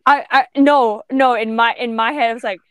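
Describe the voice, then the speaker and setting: A woman's voice: a little high, steady tone, moderate pace, fairly bright tone, clear, resonant tone, no room sound, studio quality. A woman in her twenties from the Philippines, co-hosting a podcast in casual, candid chat, swearing freely and laughing often. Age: 20s. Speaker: podcast co-host.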